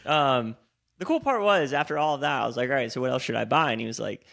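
A man, co-hosting a podcast in casual chat and telling animated, swear-laced stories. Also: mid-range voice, rapid-fire, gravelly. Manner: animated storyteller, swears freely. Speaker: podcast co-host.

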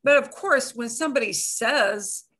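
A woman teaching a beginners' class, her voice a little higher than most. She explains patiently and repeats the phrases over and over, full of energy. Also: unhurried. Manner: animated, explains with examples and repetition. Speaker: Spanish teacher. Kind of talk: live online language class.

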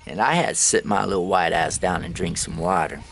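A man's voice: deep voice, fairly quick, gravelly, fairly bright tone, a little hiss or hum. A man vlogging on his travels, telling loose, rambling stories to the camera with plenty of swearing and laughter at his own tales. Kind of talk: casual storytelling to camera.

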